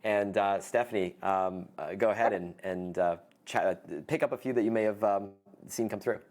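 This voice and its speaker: A man co-hosting a live online coaching workshop, talking in a relaxed way with lots of "uh" and "um". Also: on the low side, normal speed. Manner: relaxed, many "uh" and "um" fillers. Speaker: co-host of a business coaching webinar.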